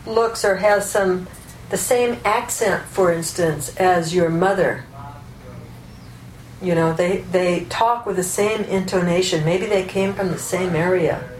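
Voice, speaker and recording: Woman teaching in an echoey room. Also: medium pitch. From United States. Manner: thoughtful, explaining with examples and asides. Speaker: teacher of Vedanta and psychologist. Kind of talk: spoken teaching talk. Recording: echoey room, faint room noise.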